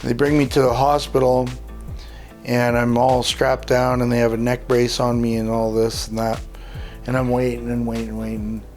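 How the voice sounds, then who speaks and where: A man tells his own life story in an interview. He is a lively storyteller who acts out the dialogue and uses many fillers like "uh" and "like". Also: mid-range voice, moderate pace, soft background music. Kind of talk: personal testimony told in an interview.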